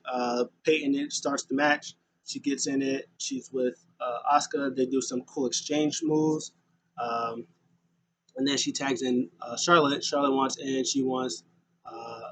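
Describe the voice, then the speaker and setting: A man's voice: medium pitch, little pitch movement, slight background noise, poor audio. Rambling man recapping wrestling. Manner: rambling, filler-heavy retelling with quick voiced asides. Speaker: wrestling show recap host. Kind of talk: casual recap of a wrestling show.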